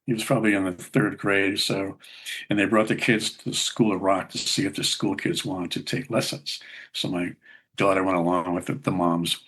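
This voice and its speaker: A man's voice: low-pitched, level tone, normal speed, a bit bright, husky. An older man, a musician guest in an interview, telling rambling anecdotes with a chuckle. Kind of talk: casual interview storytelling.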